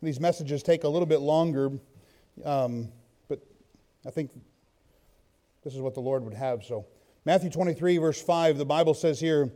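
A man preaching in a church, his voice set a little high for a man but mellow and warm in tone. He mixes loose, rambling personal stories with steady readings of scripture. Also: normal speed, pauses often. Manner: conversational storytelling, reads scripture aloud. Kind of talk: sermon.

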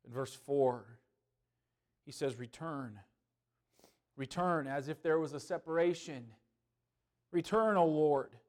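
A man, a pastor, preaching a sermon with passion, swinging between loud pleading and hushed earnestness. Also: on the high side, measured pace, pauses often.

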